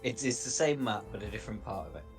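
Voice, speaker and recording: A man's voice: fairly low pitch, quick pace, soft background music. A man playing a tabletop game, chatting casually and easygoing. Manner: laughing, easygoing. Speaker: player.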